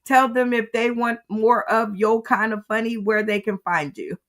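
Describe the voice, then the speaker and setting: A woman's voice: fairly high pitch, moderate pace. A woman hosting a live comedy radio show, hyping up the guests in an upbeat way. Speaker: radio host.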